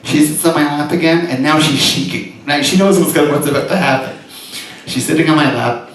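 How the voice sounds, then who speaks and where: A man's voice: fairly high pitch, fairly quick, a bit bright. A man giving a lecture as a rabbi, telling a personal story with animation and frequent laughs. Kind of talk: storytelling talk to an audience. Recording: echoey hall, mic far off, faint noise.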